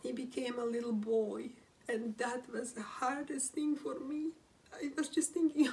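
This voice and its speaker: Grieving woman speaking slowly, distant mic. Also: high voice, fairly even intonation, gravelly, a little mellow. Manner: halting, with frequent restarts and whispered phrases. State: grieving, close to tears. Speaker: widow telling a personal story. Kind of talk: emotional first-person storytelling. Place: room at home, seated.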